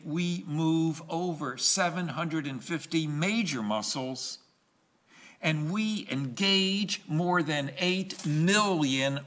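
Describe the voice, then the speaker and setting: A male pastor preaching a sermon in a slow, emphatic way, pausing and repeating key phrases. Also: fairly high pitch, a bit bright.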